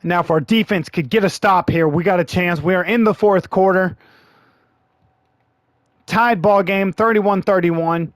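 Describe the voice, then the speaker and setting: A man commentating his own football video game, frustrated and grumbling as he plays, and his voice is starting to go hoarse. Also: high voice, unhurried, no room sound. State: losing his voice. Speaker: gaming channel host. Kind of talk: live gameplay commentary.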